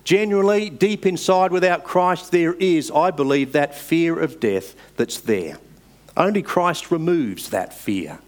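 Aussie guy preaching, earnest and slow, kinda high voice, big emphatic rises then quiet drops. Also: animated. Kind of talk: sermon.

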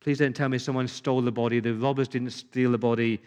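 A man's voice: mid-range voice, level tone, quick pace, a little mellow. Male pastor, emphatic sermon delivery with rhetorical questions, reverberant hall sound.

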